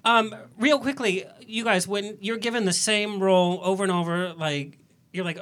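A talk-show host with a bright, forward tone steers a casual panel conversation. The delivery is chatty and teasing, broken by frequent laughter, at an everyday pitch. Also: brisk.

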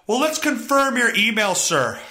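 A man putting on the voice of a prim, polite female customer service agent, pitched up and overly proper. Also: very animated, a little slow, sharp tone, heavily acted.

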